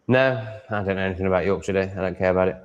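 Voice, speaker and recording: A man's voice: deep voice, very fast, smooth, highs cut off. A man live streaming from home, chatting and answering comments in a rambling, profane way with stumbling restarts and chuckles. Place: at home with cats on his lap.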